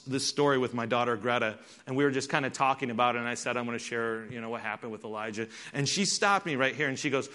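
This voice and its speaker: A middle-aged man preaching a conversational, animated sermon and acting out the people in the story. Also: mid-range voice, normal speed. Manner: conversational, animated, acts out quoted voices. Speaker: pastor.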